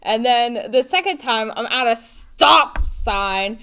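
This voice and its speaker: A teenage girl co-hosting a school podcast, telling a story in a casual, animated way with many fillers and giggles. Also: on the high side, takes it slowly, clear, resonant tone. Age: teens. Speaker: podcast co-host.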